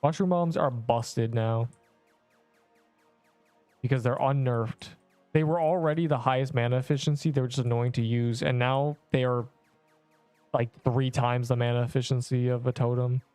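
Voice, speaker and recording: A man's voice: medium pitch, steady tone, moderate pace, pauses often, a little mellow, smooth, no room sound, faint music behind. A young man streaming a video game, chatting casually and rambling to his viewers. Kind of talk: casual live-stream commentary.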